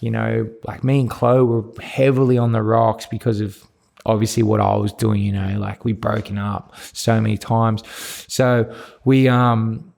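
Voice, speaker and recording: Gravelly Australian man telling his story. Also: fairly low pitch, level tone, normal speed, a little mellow. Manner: rambling, frank, swears, many restarts. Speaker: podcast guest. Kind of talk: candid personal storytelling interview.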